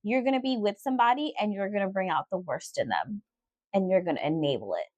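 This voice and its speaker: A woman co-hosting a podcast in casual chat, expressive, exclaiming and acting out her own reactions. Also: mid-range voice, quick pace, dry recording, dull audio. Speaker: podcast co-host.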